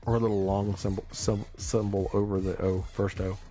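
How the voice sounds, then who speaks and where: A man's voice: lowish voice, little pitch movement, moderate pace, warm tone, faint music behind. A man hosting a casual live stream, rambling playfully with his viewers, stumbling over and repeating words, and often breaking into laughter.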